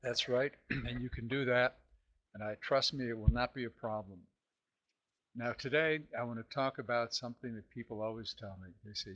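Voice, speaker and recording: Husky throat-clearing man podcasting. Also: medium pitch, moderate pace, fairly bright tone, muffled recording. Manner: frequent throat clearing, rhetorical questions. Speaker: podcast host and self-help author. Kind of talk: casual self-help podcast talk.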